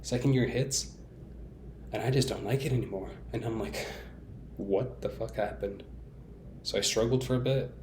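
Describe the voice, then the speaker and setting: A man's voice: medium pitch, brisk, a little mellow, a little hiss or hum. A young man talking candidly and at length in a casual vlog monologue, rambling with fillers and restarts and poking fun at himself. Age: young adult. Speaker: vlogger.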